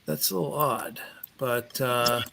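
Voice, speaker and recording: A man co-hosting a casual online show, chatting and reading a poem slowly and softly. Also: mid-range voice, vocal fry, crowd noise, rough recording. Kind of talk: casual chat and poetry reading.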